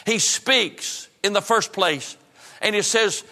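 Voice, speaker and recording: A man preaching with a high, bright voice, full of fervent repetition that sinks to a hush on the solemn lines. His voice rings through a church hall with a long reverb. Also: takes it slowly. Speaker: pastor. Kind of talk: sermon.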